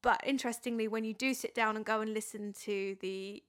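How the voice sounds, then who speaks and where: Woman, casual chat, reflective storyteller, slightly high-pitched. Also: steady tone, brisk, a bit bright. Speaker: singer and podcast guest.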